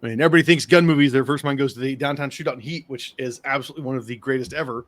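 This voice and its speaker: An American man hosting a podcast in casual chat, animated and swearing freely as he talks. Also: mid-range voice. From United States. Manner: fast, animated, swears a lot, excitable. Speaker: podcast host.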